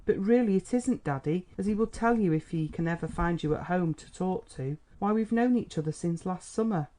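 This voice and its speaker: A man putting on a bright, pert young woman in a storybook, sweetly teasing her father. The voice sits well above the reader's own, with a mellow, warm timbre. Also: high voice, brisk, voice pushed up, close to an everyday voice. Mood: coaxing. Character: cheerful coaxing young woman, a doctor's daughter. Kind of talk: audiobook character reading.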